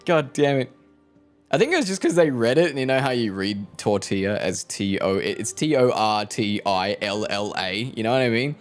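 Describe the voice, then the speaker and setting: A man's voice: on the low side, expressive, moderate pace, few pauses, faint music behind. A young man live streaming, rambling, joking and swearing freely as he talks to his chat. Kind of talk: casual stream chat with viewers.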